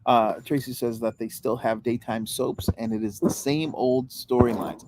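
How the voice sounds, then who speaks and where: A man's voice: mid-range voice, fairly even intonation, moderate pace, vocal fry, darkish tone, a little hiss or hum. Dry, teasing man podcast co-host. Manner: dry teasing, hesitant with ums. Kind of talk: casual comedic chat.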